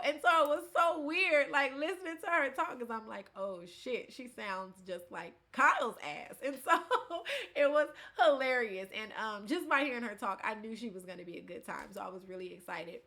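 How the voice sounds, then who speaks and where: A woman telling stories to camera in a casual, animated way, laughing often. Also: on the high side, normal speed. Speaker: vlogger.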